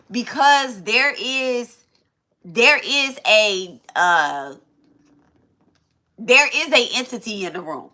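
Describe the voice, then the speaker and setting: A young woman with a bright, forceful voice gives an informal tarot reading straight to her viewers. She talks loosely, swears often, and keeps breaking off and restarting her sentences. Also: a little high, animated, takes it slowly. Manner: casual, swearing, thinks aloud with many restarts. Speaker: tarot reader.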